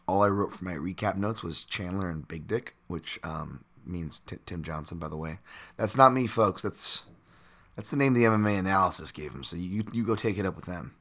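A man hosting his own podcast with a raspy voice, rambling casually with fillers and self-corrections. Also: sits low, sharp tone. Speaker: podcast host.

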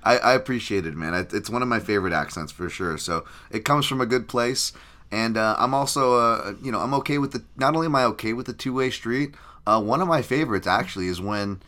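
A man's voice: medium pitch, brisk, pushed and bright. A man hosting a casual sports podcast, rambling with many fillers and restarts, chatty and self-deprecating. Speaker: podcast host. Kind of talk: casual chat.

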